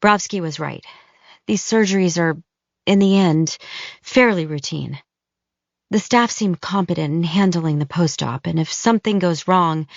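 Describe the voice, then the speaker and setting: A woman reading a thriller audiobook in scripted narration, measured and even, close to the mic, in dull lo-fi audio. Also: lowish voice, vocal fry, no room sound.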